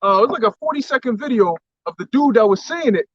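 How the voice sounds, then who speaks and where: Male co-host, very high pitch, emphatic delivery, dull lo-fi recording. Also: expressive, quick pace, fairly bright tone, no echo. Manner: emphatic, quotes scripture. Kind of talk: casual religious talk chat. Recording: dull lo-fi sound.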